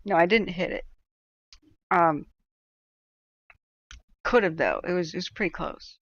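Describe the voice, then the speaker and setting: A woman's voice: lowish voice, a little slow, no echo. Woman host spinning a long, chatty story at home on stream; dry, slightly muffled sound. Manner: rambling, chatty anecdote-telling with asides. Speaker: livestream host. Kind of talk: casual storytelling chat.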